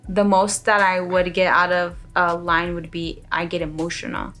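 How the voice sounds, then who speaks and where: A woman's voice: fairly low pitch, level tone, moderate pace, a bit bright, soft background music. A woman chatting casually on a couple's vlog, talkative and laughing often. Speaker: vlogger, wife.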